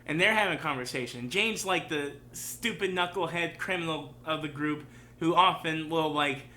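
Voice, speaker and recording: A man's voice: a little high, moderate pace, sharp tone, slight background noise. A man hosting a casual reaction show who rambles through his commentary with many fillers. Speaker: show host.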